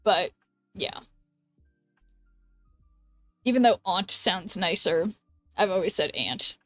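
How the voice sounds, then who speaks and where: An American woman from the United States chats casually while streaming a game, giggling and trailing off with ums. Her medium-pitched voice goes slowly, recorded on a dry close mic with no echo and faint background music.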